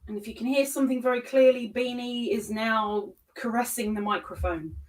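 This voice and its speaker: A woman's voice: on the high side, steady tone, moderate pace, recorded from a distance. A woman hosting a crochet livestream, chatting and laughing at herself as she counts stitches. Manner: giggly, self-mocking, chatting to viewers while counting stitches. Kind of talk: casual live-stream chat while crocheting.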